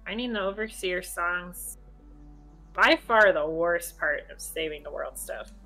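Brief: woman reading an impatient young witch, bright tone, flat delivery. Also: on the low side, a little slow, soft background music, full character voice. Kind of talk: reading game dialogue aloud.

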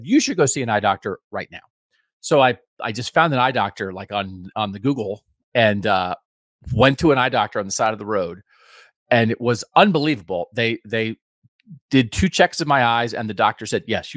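A man's voice: fairly low pitch, expressive, moderate pace, fairly bright tone, dry recording, clean studio sound. A man in his fifties, a podcast host giving a casual, rambling, self-deprecating update from home. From United States. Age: 50s.

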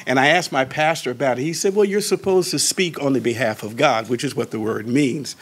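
A man's voice: medium pitch, breathy edge. Older man telling a personal testimony. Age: 60s. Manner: animated, swings between soft asides and raised emphasis; slows down and draws out key words. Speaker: Baptist pastor.

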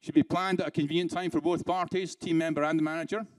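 With rhetorical questions aimed at the room and flashes of dry sarcasm, a British man gives a chatty conference keynote. His steady voice runs fast and sits a little high for a man, sounding close and dry in a dry recording.

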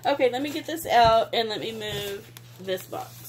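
A woman's voice: a little high, expressive, a little slow, heavy background noise. Gushing woman vlogger. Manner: gushing, sentimental, exclaims often. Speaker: craft vlogger. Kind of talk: casual unboxing chat.

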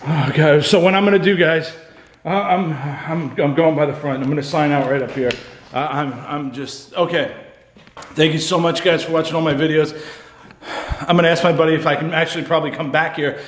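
A man's voice: a little high, steady tone, normal speed. A frightened man vlogging alone in an empty house, rambling and stammering, shaken and scared. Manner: rambling, stammering, repeating himself. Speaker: paranormal vlogger. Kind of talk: frightened solo ghost-hunt vlog. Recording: echoey room.

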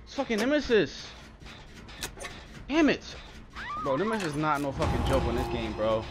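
A young man, giving excitable, swearing commentary while playing a horror game. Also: medium pitch, fast talker, over music. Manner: excitable, swearing, calls out in panic during chases. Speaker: gaming channel host. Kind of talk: live gameplay commentary.

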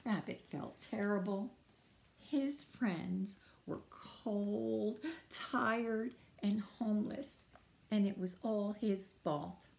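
A woman's voice: mid-range voice, vocal fry. A woman librarian reading a picture book aloud at preschool storytime, asking the children questions. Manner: slow, lively, questions to children. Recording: echoey room.

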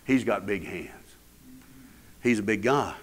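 A man's voice: on the low side, measured pace. A man preaching a sermon in an emphatic, rising and falling cadence. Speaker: pastor. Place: church.

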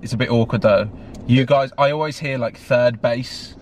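A man's voice: mid-range voice, moderate pace, a little mellow. A young man from England with a London accent, chatting casually and filling his talk with restarts. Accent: London English. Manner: chatty, lots of fillers and restarts. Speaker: vlog co-host. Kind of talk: casual chat.

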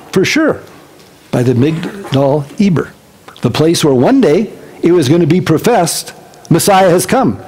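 A male pastor giving a casual Bible-teaching sermon to his congregation, animated and conversational with joking asides. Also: fairly high pitch, husky. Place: church service before a congregation.

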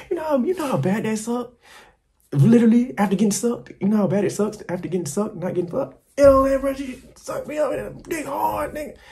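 Higher-voiced man telling crude stories. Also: slight background noise. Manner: animated, crude and rambling, slipping into quoted voices. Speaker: travel vlogger. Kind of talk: casual storytelling to camera.

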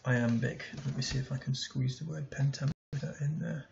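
A man's voice: medium pitch, steady tone, brisk, vocal fry, a little mellow, highs cut off, slight background noise. A male teacher talking through a poem in a recorded lesson, thinking aloud as he writes notes, with many ums and restarts.

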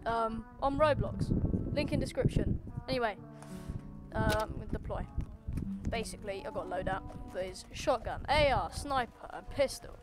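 Woman, high voice, gameplay commentary, excitable, cocky trash talk, loud game music behind. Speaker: gaming channel host. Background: loud game music and gunfire.

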